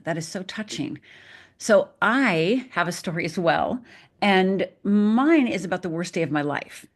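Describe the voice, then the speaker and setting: Low-voiced woman telling her story. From Upper Michigan. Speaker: guest. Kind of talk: personal storytelling.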